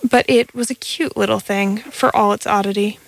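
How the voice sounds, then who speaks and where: A woman's voice: medium pitch, fairly even intonation, moderate pace, gravelly, no echo, low-quality recording. A woman reading a science fiction story aloud in a plain way, with occasional stumbles. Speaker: narrator.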